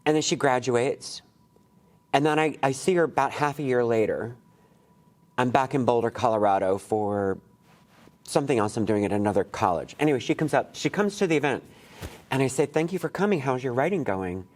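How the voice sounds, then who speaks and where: A man's voice: mid-range voice, moderate pace. A man leading a college poetry workshop, talking casually and candidly to students, with rambling asides and casual swearing. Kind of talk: casual, digressive workshop talk. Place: college classroom.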